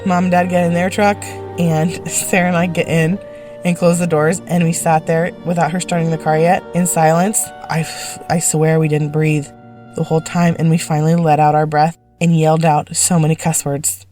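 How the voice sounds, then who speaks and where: A woman retelling a family moment in a lively, wry, animated way, acting out everyone's lines. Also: low-pitched, normal speed, soft background music. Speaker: sister of the storyteller. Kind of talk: personal storytelling.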